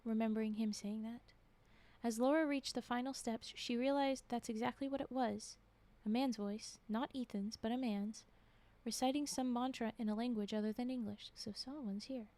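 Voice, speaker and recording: A woman reads creepypasta aloud in a fairly high voice. She often breaks off to react and comment on the story. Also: steady tone, moderate pace, warm tone. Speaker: streamer reading horror stories.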